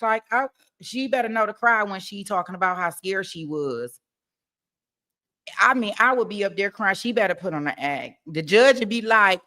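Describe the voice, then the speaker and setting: A woman hosting a casual livestream about a trial, talking in an animated way, laughing often and acting out mock testimony. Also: medium pitch, moderate pace. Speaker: true-crime trial commentary host.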